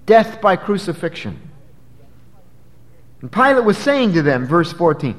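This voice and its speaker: A man preaching an expository sermon, emphatic, swinging from loud dramatic peaks to low, quiet drops. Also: animated, moderate pace. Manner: emphatic, dramatic rises and drops in pitch and volume. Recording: long hall reverb.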